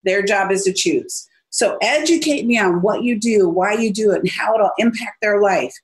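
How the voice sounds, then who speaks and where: A woman on a podcast giving energetic sales advice and acting out quotes as she tells stories. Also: medium pitch, normal speed, poor audio. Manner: energetic, animated storytelling with acted-out quotes. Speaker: business speaker and author. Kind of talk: casual podcast interview.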